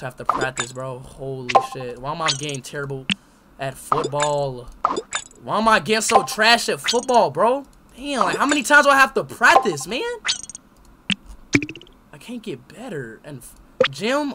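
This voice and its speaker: A young man streaming a game live, talking to himself and his chat, swinging between loud yelling and quiet muttering. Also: fairly high pitch, lively intonation, moderate pace, very noisy. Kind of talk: live gameplay commentary. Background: loud music.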